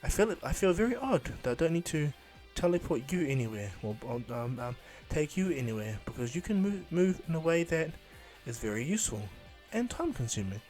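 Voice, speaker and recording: A polite, courteous angelic attendant, as a man puts him on in a fan retelling. The voice rides noticeably higher than the storyteller's own, soft-mannered and deferential. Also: sing-song, fairly quick, hardly any pauses, soft background music.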